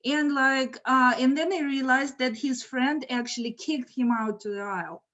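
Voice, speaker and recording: A woman telling a true story in a casual, animated way, laughing now and then, over a video call. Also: sits high, moderate pace, few pauses, lo-fi sound. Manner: lively, animated, laughs mid-sentence. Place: home, virtual event.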